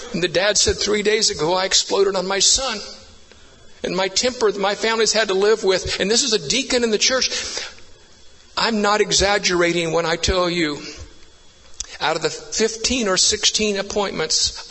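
A man's voice: high voice, sharp tone. Earnest preacher man in a reverberant hall. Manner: earnest storytelling, building to emphatic repeated phrases. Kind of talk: sermon.

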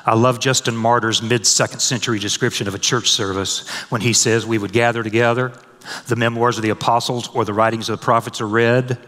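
A man preaching a sermon, swelling loud and high on scripture and dropping soft and low for personal stories. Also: fairly even intonation, fairly quick. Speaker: pastor. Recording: long hall reverb.

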